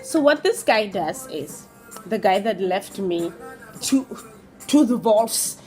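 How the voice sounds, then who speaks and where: A young Namibian woman with a Namibian accent, telling a storytime vlog in a casual, animated way and acting out what people said. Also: medium pitch, takes it slowly, soft background music. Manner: animated, switches between English and Afrikaans, acts out quotes. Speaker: vlogger.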